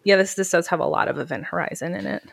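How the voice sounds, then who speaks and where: A woman on a podcast walks through a film scene by scene, voicing the characters herself and swearing freely. Her voice sits fairly low, and the recording is dry and close with no room sound. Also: fast talker, creaky, no room sound. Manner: animated retelling, swearing, acting out characters' lines. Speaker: podcast co-host. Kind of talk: casual movie recap chat.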